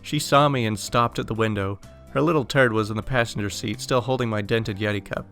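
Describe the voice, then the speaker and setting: A man's voice: on the low side, brisk, a bit bright, faint music behind. Young man reading a story aloud. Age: young adult. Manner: casual, exasperated storytelling. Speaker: story narrator.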